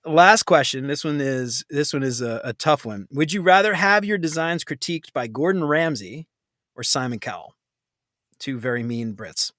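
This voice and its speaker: Guy hosting a live q&a, bouncy lively voice, bit high, dry sound, jokes around a lot. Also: normal speed, no echo. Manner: joking, animated, laughs often. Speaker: host. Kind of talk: casual live Q&A chat.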